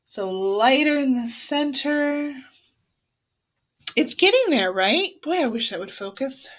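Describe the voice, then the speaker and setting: A woman's voice: high-pitched, expressive, slow pace. A woman art teacher talking students through a shading demonstration, chatty and encouraging, narrating each step as she works. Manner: chatty, encouraging, self-narrating while drawing. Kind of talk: classroom demonstration lesson.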